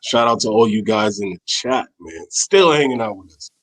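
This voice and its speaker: A man's voice: fairly low pitch, animated, moderate pace, husky. Upbeat male co-host, easygoing slang delivery. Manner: hyped, shouting out viewers in slang. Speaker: podcast co-host. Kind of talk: casual late-night livestream chat.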